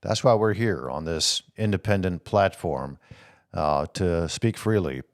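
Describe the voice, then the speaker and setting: A man hosting a political talk show, reading viewer comments and answering them with animated rhetorical questions. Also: low-pitched, unhurried, dry recording, clean studio sound. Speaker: host.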